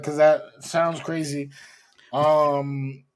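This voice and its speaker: A man's voice: on the high side, a little slow. A young man hosting a casual sports show in a slightly raised voice. He speaks easily and hedges often with fillers. His tone stays loose and conversational. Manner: relaxed, hedging with many fillers. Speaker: podcast host.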